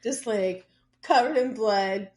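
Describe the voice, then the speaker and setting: A woman's voice: a little high, slow, a crowd in the background. A woman co-hosting a podcast, joking in casual banter and leaning on "like" fillers. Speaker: podcast co-host.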